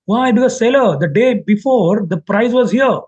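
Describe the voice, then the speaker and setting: A man with an Indian English accent teaching trading in a live online class, acting out buyers and sellers in quick quoted lines. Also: high-pitched, husky. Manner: animated, acts out buyers and sellers in quoted voices. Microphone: webcam mic on a video call.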